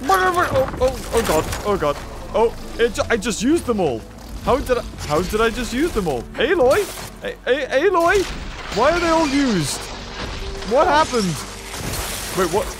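A young man hosting let's-play commentary, excitable and full of exclamations. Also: very high-pitched, unhurried. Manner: excitable, frequent exclamations and laughs. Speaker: gaming channel host. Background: game music.

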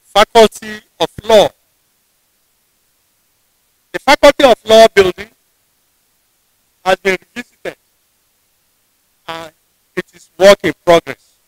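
High-voiced Nigerian man giving formal speech. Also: no room sound, poor audio. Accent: Nigerian English. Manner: measured, deliberate delivery with frequent restarts. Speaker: university official giving a convocation address. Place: ceremony venue.

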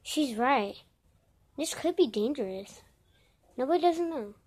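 A woman voicing a bickering group of characters in a homemade story, brash and quick to swear, swinging from yelling to low mutters. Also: lively intonation. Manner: brash, swears often, switches between shouting and mumbling. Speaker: voice-over creator.

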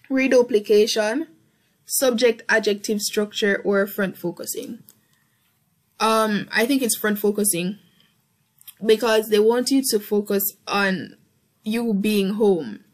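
A young woman tutoring through an exam paper, thinking aloud with frequent ums and self-corrections. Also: medium pitch. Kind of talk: casual past-paper walkthrough.

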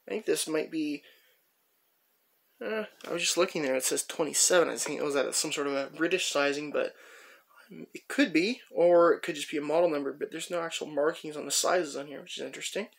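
A man with a slightly high, gravelly voice talks through his collection at an easy pace. He rambles casually and pauses often as he picks up each piece. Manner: rambling, chatty, many "uh" pauses while handling tools. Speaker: tool collector showing his finds. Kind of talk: casual show-and-tell narration.

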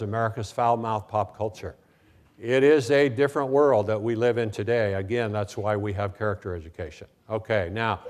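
Older man telling classroom stories. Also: mid-range voice. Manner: storytelling, acts out quoted voices, frequent "okay, now". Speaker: speaker at a conference. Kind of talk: keynote talk with anecdotes.

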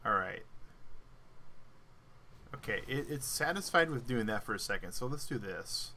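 A man's voice: mid-range voice, lively intonation, moderate pace, bright, forceful tone, a little hiss or hum. A man hosting a gaming channel, joking and talking to himself as he plays, counting and planning aloud. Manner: jokey self-talk, thinks and counts aloud. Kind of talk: casual gameplay commentary.

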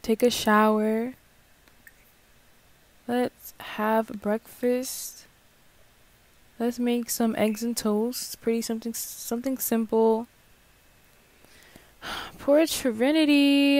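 Young woman let's-play host, chatty and slow, a bit high, dry close mic. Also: a little mellow, no echo. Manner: chatty, reacts aloud, swears casually. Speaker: gaming channel host. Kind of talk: casual let's play commentary.

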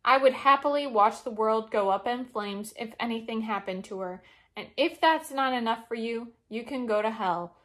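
A woman's voice: on the high side, normal speed, lightly acted. A woman reading aloud the lines of a brooding, ruthless young man who is fiercely protective. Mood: cold.

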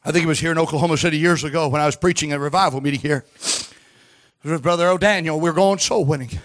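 A man preaching a sermon in a church service, fervent, with shouted peaks and call-and-response. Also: on the high side, steady tone, quick pace. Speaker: pastor.

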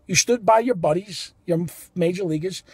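A man telling a heated story about a ballgame as a fan, animated and indignant, cursing and repeating himself. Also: high voice, moderate pace, husky, dry recording. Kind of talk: heated first-person storytelling.

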